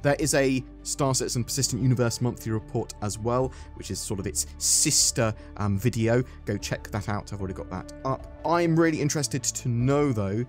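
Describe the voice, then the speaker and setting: A chatty English man hosts a casual gaming news update at an everyday mid-range pitch. He throws in quick exclamations like a friendly regular talking to his viewers. Soft music plays faintly beneath his voice. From England. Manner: chatty and upbeat, tosses in "bam" and "boom". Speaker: gaming channel host.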